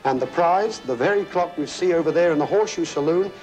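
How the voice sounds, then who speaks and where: A man's voice: on the high side, fast talker, a little mellow, faint music behind, low-quality recording. A man hosting a television game show, chatty and jokey, talking to contestants and a studio audience. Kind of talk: upbeat studio presenting.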